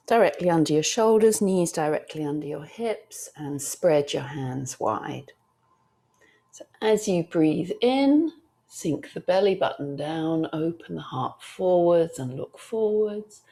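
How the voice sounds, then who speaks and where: A woman teacher guiding a yoga class, talking gently and soothingly and counting breaths aloud. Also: deep voice, expressive, slow. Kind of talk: guided yoga class instruction.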